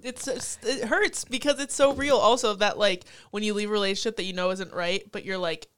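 Blunt, swearing young woman, smooth voice. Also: mid-range voice, fairly even intonation, a bit bright. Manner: blunt and profane, quick to laugh. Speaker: podcast co-host. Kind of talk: casual chat.

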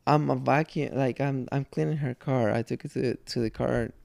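A man's voice: medium pitch, steady tone, normal speed, vocal fry, a little mellow, no echo. A man on a podcast, telling a story in a rambling, circling way full of restarts, close to a studio microphone. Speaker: podcast co-host. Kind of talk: casual storytelling chat.

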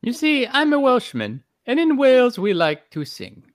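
A man's voice: very high voice, huge pitch swings, normal speed, no echo, studio quality, voice pushed up, exaggerated voice. A man putting on a jolly, proud Welshman's voice in a joking podcast aside. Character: cheery singing-loving Welshman.

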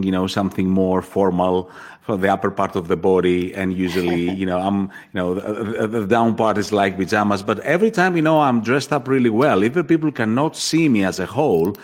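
A man hosting a radio interview, friendly and effusive in his thanks. His voice sits fairly low. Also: fairly quick, darkish tone. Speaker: radio host.

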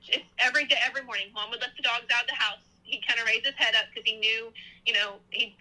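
A woman's voice: fairly high pitch, pushed and bright, poor audio. A woman in her thirties, a podcast guest, telling a personal story in a casual, rambling way with many restarts.

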